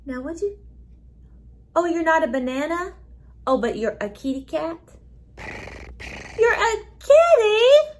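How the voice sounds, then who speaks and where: A preschool music teacher, a woman, talking playfully to young children in a gentle sing-song way, often repeating her words. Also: high-pitched, animated, normal speed, pauses often.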